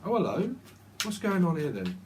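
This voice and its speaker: A man's voice: on the high side, huge pitch swings, normal speed, noisy background, pitched above the performer's own voice. A man imitating a nosy old-fashioned British police constable with a sing-song questioning manner. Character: jovial old British male bobby.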